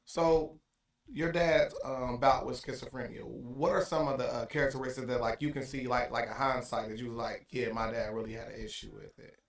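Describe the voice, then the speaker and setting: A man's voice: mid-range voice, fairly even intonation, brisk, creaky. A man hosts a podcast, posing laid-back, slangy questions in a mid-range voice. The room around him rings with noticeable echo. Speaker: podcast host. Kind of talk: casual interview questions. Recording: echoey room.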